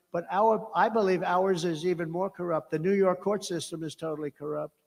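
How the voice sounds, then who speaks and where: A man's voice: high voice, darkish tone. A man giving a rambling, off-the-cuff rally speech as a political candidate, emphatic and mocking, repeating his phrases. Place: large rally venue. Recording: long-reverb rally PA sound.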